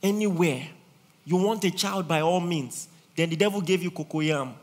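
A man preaching a sermon as a pastor, animated and teasing, swinging between loud and soft. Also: sits high, moderate pace.

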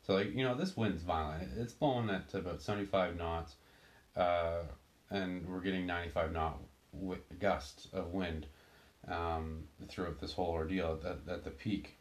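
A man telling a personal story in a casual, halting way, full of restarts and fillers. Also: sits low, steady tone. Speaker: storyteller recounting a sailing ordeal.

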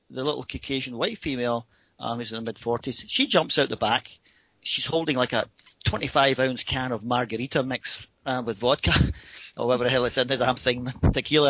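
A Scottish man in his fifties spins a comic anecdote, laughing along as he tells it. His husky, bright voice swings widely in pitch. The sound is dry and a little dull. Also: no echo. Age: 50s. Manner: animated, laughs through his story. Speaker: guest. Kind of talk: anecdote storytelling.

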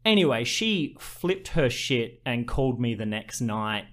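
Animated swearing male podcast co-host. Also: mid-range voice, a little slow. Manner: animated, swears freely, mimics others in stories. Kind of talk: casual storytelling chat.

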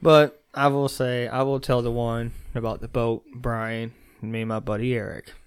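A man's voice: medium pitch, little pitch movement, normal speed, clean tone. A man telling a rambling drinking story in casual chat, laughing often and swearing a lot.

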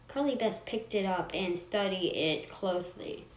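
Slow woman reading a horror story. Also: lowish voice, a little mellow. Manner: unpolished, stops to correct herself. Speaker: story reader. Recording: roomy echo, faint noise.

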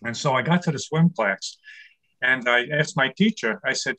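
A man's voice: medium pitch, a little fast, pushed and bright. A man in his sixties from New York City doing a stand-up comedy set over a video call from his home studio, firing off one-liners and laughing at his own jokes. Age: 60s. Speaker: stand-up comic.

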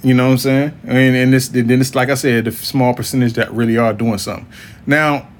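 A man's voice: medium pitch, flat delivery, fairly quick, slight background noise. A man hosting a casual podcast chat, talking bluntly and profanely in a rambling way, with restarts and laughs. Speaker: podcast host.

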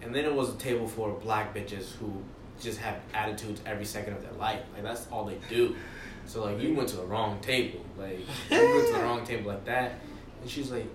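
A man's voice: fairly low pitch, brisk. A man telling stories from his restaurant shift in casual, swear-heavy talk. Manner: animated storytelling, swears freely. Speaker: restaurant worker. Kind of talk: casual chat. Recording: echoey room, far from mic, noisy.

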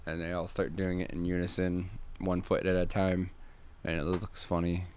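A man's voice: low-pitched, monotone, moderate pace, darkish tone, slight background noise. A man co-hosting a casual stream, rambling through an improvised story and laughing often.

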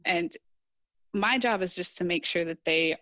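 A young woman engineer speaks as a podcast guest in a somewhat low voice. She answers earnestly and thoughtfully, acting out bits of past conversations. The sound is close and dry. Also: measured pace, sharp tone, no room sound. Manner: earnest, reflective, quotes herself in dialogue. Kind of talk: casual interview answers.

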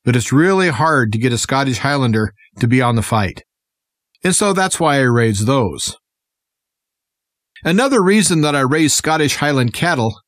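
A man's voice: medium pitch, animated, moderate pace, fairly bright tone, no echo, studio quality. A man guest-presenting a radio segment, talking in an earnest, impassioned way as he addresses listeners. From United States. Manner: earnest, impassioned political speaking. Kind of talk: scripted radio monologue.

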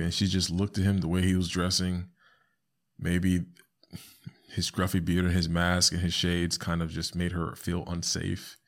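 A man hosting a podcast alone, talking casually and animatedly, often jumping into high squeaky voices to quote people. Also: completely flat delivery, unhurried. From South Florida. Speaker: podcast host. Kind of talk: casual solo podcast commentary.

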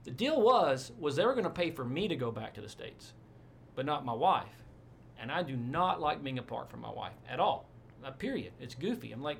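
A man with a somewhat higher pitch and a gravelly, creaky edge tells stories in a loose, rambling way, full of asides and quoted dialogue. He is a pastor chatting casually in an interview. Faint ambience sits behind him. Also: moderate pace, slight background noise. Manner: rambling, animated storyteller with asides.

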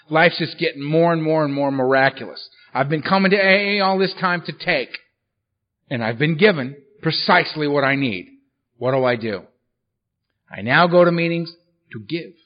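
A man giving a recovery workshop talk, telling his own story in a blunt, profane and humorous way, on a dull lo-fi recording. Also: fairly high pitch. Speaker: workshop speaker at a recovery meeting.

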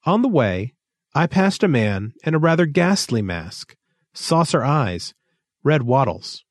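An earnest, harried agent whose raised voice presses with urgency and bitter frustration, as a male narrator puts him on. The delivery is lively and anxious in a dry, close recording of a read-aloud story. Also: fairly high pitch, moderate pace, no room sound, voice pushed up. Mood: urgent.

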